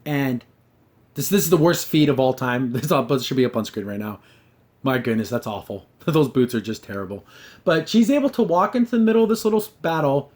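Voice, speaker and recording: A young man hosting a casual review of a cartoon episode, sarcastic and mocking scenes with quick put-on voices. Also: medium pitch, a little mellow.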